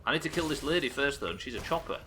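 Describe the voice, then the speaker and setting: Bright-voiced man streaming a game. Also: mid-range voice, rapid-fire, a little hiss or hum. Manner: excitable, swears often, thanks viewers while playing. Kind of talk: live gameplay commentary.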